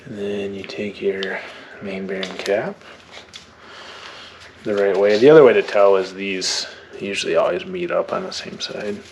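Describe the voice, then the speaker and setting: A young man with a lowish voice talks slowly through an engine rebuild, thinking out loud as he goes. Clanking tools and shop noise sit clearly behind him. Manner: thinks aloud while working, plain-spoken and relaxed. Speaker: mechanic rebuilding a diesel engine. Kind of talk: hands-on how-to narration.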